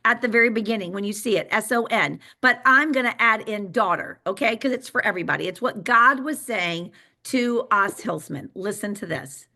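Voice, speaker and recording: A woman, a sales director telling an excited, emphatic motivational story on a call. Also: mid-range voice, normal speed, hardly any pauses.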